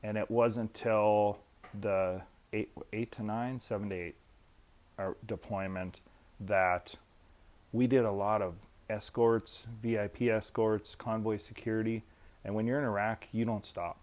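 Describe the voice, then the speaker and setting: Guy in his 50s swapping army stories, cusses a lot, mid pitch, really animated. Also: unhurried. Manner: profane and animated, acts out quotes. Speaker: guest, military veteran. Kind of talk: casual storytelling.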